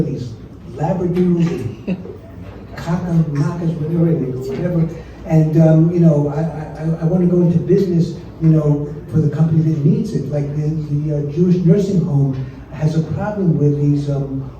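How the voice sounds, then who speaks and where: A man's voice: a little high, dark tone, slight background noise. A man telling a comic bit, hesitant, with many fillers. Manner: hesitant, lots of "uh" and "um". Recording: dull echoey recording from far off.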